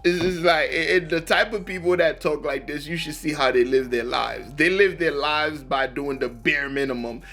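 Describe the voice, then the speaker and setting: Reaction host, male, bright and forceful tone, loose slangy rambling commentary. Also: fairly high pitch, moderate pace, few pauses, faint music behind. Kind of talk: casual commentary.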